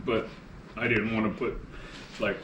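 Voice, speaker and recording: A man's voice: on the low side, little pitch movement, measured pace, a bit bright, highs cut off. Plainspoken man in an echoey garage. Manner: technical, plainspoken, swears casually. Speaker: motorcycle builder. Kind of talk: casual shop talk. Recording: echoey room with faint background noise.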